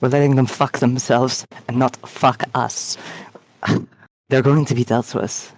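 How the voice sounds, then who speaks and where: Pemain pria yang santai dan suka mengumpat. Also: male voice, medium pitch, flat delivery, unhurried. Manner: casual, swears freely. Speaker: player. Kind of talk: tabletop game role-play chat.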